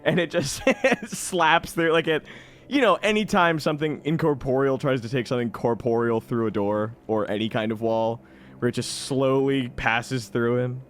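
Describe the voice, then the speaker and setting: A man's voice: mid-range voice, steady tone, normal speed, fairly bright tone. A man running a tabletop game as game master, narrating casually with rambling and frequent laughs.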